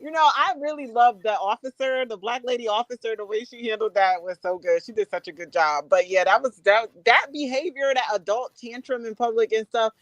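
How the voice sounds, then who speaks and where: High-voiced woman, blunt commentary. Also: a little fast, few pauses, no room sound, lo-fi sound. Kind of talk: casual commentary.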